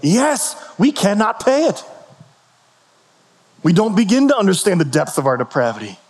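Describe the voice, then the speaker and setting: A man gives a sermon in a relaxed, conversational manner, asking rhetorical questions and circling back over his own phrases. His voice sits fairly high for a man. The sound carries a long reverb, as if from a large hall. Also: normal speed. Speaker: pastor.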